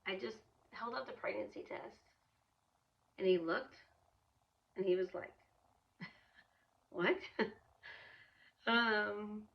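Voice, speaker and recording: A woman's voice: mid-range voice, fairly even intonation, slow, vocal fry, long pauses, highs cut off. A woman in her thirties casually telling a personal story, chatty, with frequent fillers, restarts and laughs. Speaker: vlogger, single mom.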